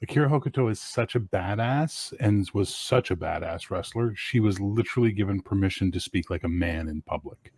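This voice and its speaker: Gravelly man, excitable casual chat. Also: fairly low pitch, brisk, few pauses, slight background noise. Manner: excitable storyteller.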